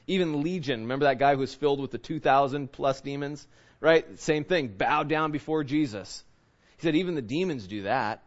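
A man preaching a conversational sermon, lively and full of fillers and restarts. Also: on the high side, highs cut off. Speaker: pastor.

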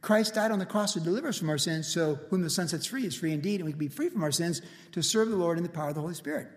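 A man in his sixties preaching a verse-by-verse sermon in a relaxed, chatty way, filling his stories with "like" and "you know". His voice sits a little high for a man. The sound carries the long reverb of a church hall. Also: very fast. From United States. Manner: casual storytelling with lots of "like" and "you know". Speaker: pastor.

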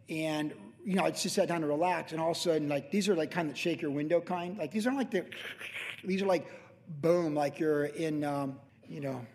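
A man's voice: on the high side, a little mellow, long reverb tail. A man in his late fifties, a pastor telling a rambling, conversational story in a casual sermon, full of restarts and asides. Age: late 50s.

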